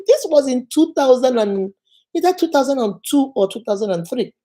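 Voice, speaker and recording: A woman's voice: a little high, a little fast. A woman vlogger telling a personal story casually to camera, acting out the people in it. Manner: animated, acts out quoted voices. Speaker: motivational vlogger.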